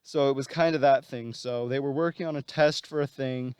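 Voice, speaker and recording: A man's voice: mid-range voice, steady tone, brisk, darkish tone, smooth, no room sound. A man casually retelling a story plot, rambling and full of fillers.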